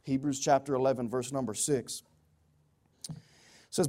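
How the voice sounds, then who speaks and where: A man preaching a sermon, emphatic, swinging from loud pleading passages to low quiet asides. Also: normal speed, pauses often.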